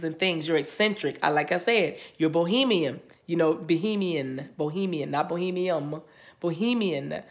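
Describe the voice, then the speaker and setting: A woman giving a chatty spiritual reading to her viewers. She talks in a casual, playful way, laughs often and breaks into snatches of song. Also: low-pitched. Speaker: tarot reader.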